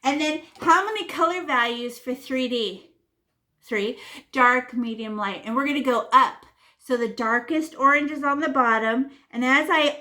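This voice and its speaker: A woman's voice: on the high side, normal speed, bright, forceful tone. A woman teaching a painting lesson to children in a playful, chatty way, making sound effects and repeating words. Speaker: art teacher. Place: classroom or home room.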